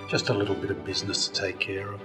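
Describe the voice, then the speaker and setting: A man plays a departing guest with a low voice, polite and brisk, with music under him. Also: monotone, close to an everyday voice. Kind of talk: film acting.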